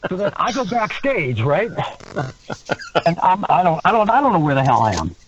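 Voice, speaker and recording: A man guesting on a podcast, telling a story with animated delivery, acting out what others said and laughing along. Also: sits high, moderate pace, a crowd in the background. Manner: animated storyteller who acts out quotes and laughs. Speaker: guest, former wrestler. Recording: dull lo-fi sound with faint noise.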